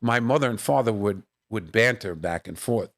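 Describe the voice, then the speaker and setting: A gravelly, lowish male voice at a moderate pace belongs to a middle-aged comedian chatting as an interview guest. He animatedly tells family stories, acting out their voices, amid fillers and bursts of laughter.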